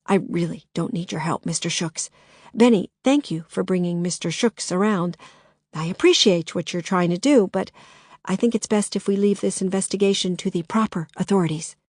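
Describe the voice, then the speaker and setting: A woman's voice: on the low side, moderate pace, a little mellow, no echo, clean studio sound, lightly acted. A woman voicing a worried mother in a storybook, restrained and firm.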